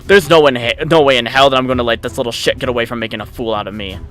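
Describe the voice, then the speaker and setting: A man voicing a furious, blustering man who shouts insults and curses in a visual novel game, over faint game music. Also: medium pitch, steady tone, racing, close to an everyday voice. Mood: scornful. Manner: loud, cursing, bullying.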